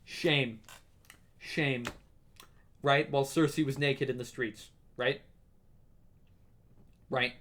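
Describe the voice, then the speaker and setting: A young man in his twenties hosting a casual solo podcast, gushing excitably and swearing as he talks. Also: medium pitch, slow pace, long pauses, a little hiss or hum. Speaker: podcast host.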